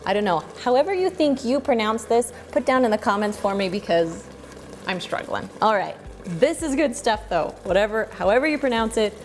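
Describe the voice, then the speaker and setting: A woman's voice: a little high, moderate pace, slight background noise. Chatty woman hosting a cooking tutorial. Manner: chatty and relaxed, thinks aloud while cooking. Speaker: cooking channel host. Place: home kitchen.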